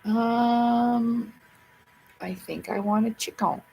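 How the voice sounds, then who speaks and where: A woman's voice: fairly high pitch, takes it slowly, creaky, darkish tone, slightly rough, poor audio. A woman hosting a livestream, rambling casually to herself and her viewers in a chatty way. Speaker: livestream host.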